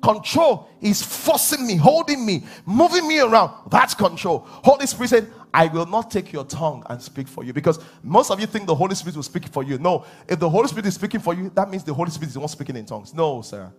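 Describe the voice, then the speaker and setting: A man preaching a sermon as pastor, animated, laughing and acting out voices. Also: high-pitched, fast talker, few pauses, slightly rough, faint music behind. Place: church hall.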